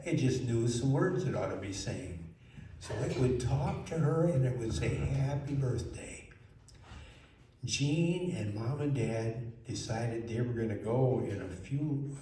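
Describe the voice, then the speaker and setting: A man telling a children's story in a lively way, asking the listeners questions. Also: mid-range voice. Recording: very echoey room, mic far off, faint noise.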